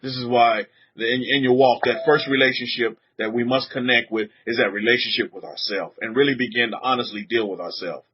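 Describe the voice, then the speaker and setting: A man preaching a sermon to a congregation, animated, repeating words and putting questions to the room, on a dull lo-fi recording. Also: mid-range voice, a little fast, hardly any pauses, breathy edge. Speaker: rabbi teaching a congregation.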